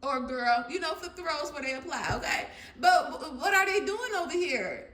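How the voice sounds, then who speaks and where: An animated woman talks viewers through a tarot reading in a fairly high, bright voice. She laughs easily and swings between loud bursts and low asides. The sound carries a noticeable room echo. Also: normal speed. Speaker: tarot reader. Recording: echoey room.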